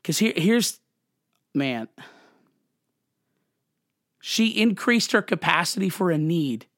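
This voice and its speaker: A man hosting a podcast, talking fervently and emotionally in a preachy devotional way, quick, then slowing on emphatic words. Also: high voice, big pitch swings, a bit bright, no echo, studio quality. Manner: fervent and emotional, restarts and apologizes. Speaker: podcast host.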